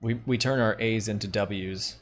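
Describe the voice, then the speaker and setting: On his livestream, a young man from Long Island, New York, chats casually in a lowish voice at a moderate pace, with a Long Island accent. He's relaxed and jokey, laughing often. There's a little hiss or hum.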